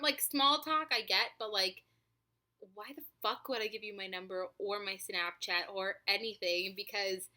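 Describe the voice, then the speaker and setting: A woman in her twenties telling a story to camera in a chatty, animated way, swearing freely and filling her talk with likes and ums. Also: mid-range voice, moderate pace. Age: 20s. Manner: animated, profane, chatty with many fillers. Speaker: vlogger.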